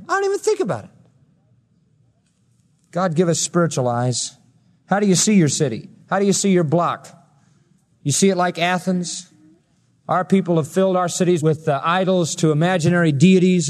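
A man's voice: sits high, normal speed. A man preaching a sermon as a pastor, with an emphatic delivery that swells and drops. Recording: long reverb of a hall.

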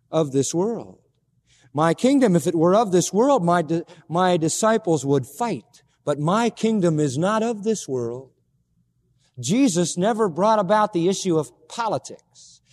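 A man's voice: high voice, darkish tone, in a large hall. A man preaching a sermon, emphatic, repeating key words and asking his listeners questions. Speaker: pastor.

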